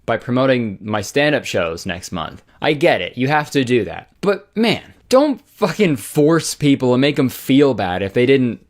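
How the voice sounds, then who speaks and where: A man's voice: mid-range voice, big pitch swings, measured pace, few pauses. A young man doing comedic internet commentary, ranting sarcastically and swearing in exasperation.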